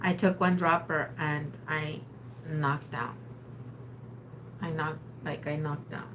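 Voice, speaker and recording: A woman's voice: low voice, fairly even intonation, takes it slowly, fairly bright tone. Woman, sore throat, chatty livestream talk, addresses viewers, faint noise behind. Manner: chatty, talks to viewers directly. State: sore throat, under the weather. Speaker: livestream co-host. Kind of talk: casual livestream chat.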